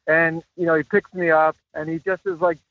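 A man's voice: a little high, little pitch movement, fairly quick, no room sound. A man guest on a call-in interview, telling rambling stories with many fillers and frequent laughs. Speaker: guest actor. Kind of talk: casual interview over a call. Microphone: phone call. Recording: tinny phone line.

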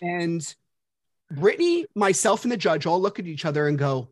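A man's voice: high-pitched, expressive, normal speed. A man hosting a podcast, telling a story in a casual, profane way and mocking the people he quotes. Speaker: podcast host.

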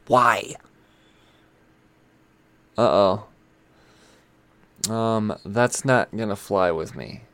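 A man's voice: lowish voice, slow pace, vocal fry, pauses often, no room sound. A man talking casually about comic books, rambling and chatty, with lots of fillers and some swearing. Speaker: comic book reviewer. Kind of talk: casual chat.

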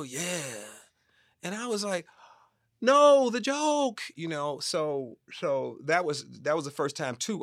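A man with a low, gravelly voice recounts stories as a guest on an interview. He is animated and often acts out other people's voices in his telling. The sound is dry and close. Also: no echo. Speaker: film director, guest. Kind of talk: casual interview storytelling.

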